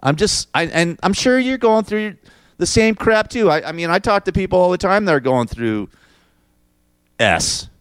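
A middle-aged man rambles through a crude, venting solo monologue, tacking "man" onto his sentences and restarting often. His voice is smooth and resonant. The sound is dry and close, with no room around it. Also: high-pitched, expressive, moderate pace, no room sound. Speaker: podcast host.

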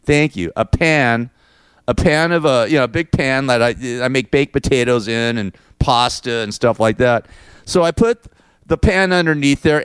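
A middle-aged show host delivers a loose, rambling monologue in a smooth, resonant, mid-range voice. His animated stories are crude and full of swearing, and the recording is dry and close, with no room sound.

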